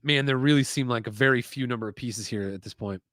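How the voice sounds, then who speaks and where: A man in the middle of his range hosts a relaxed live build from his desk, chatting and rambling as he goes. He reads viewer comments aloud between thoughts. The sound is dry, with little room in it. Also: medium pitch, fast talker, no room sound. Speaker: live-stream host building toy sets. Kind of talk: casual live-stream chat. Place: home desk setup with screens.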